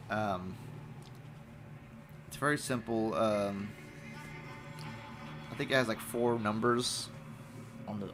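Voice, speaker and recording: Brief: male solo podcaster, mid-pitched voice, loose and profane, lots of ums, faint noise behind. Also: fairly bright tone. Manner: rambling, profane, full of fillers and restarts. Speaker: podcast host. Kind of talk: casual solo podcast rant. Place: room, recording alone.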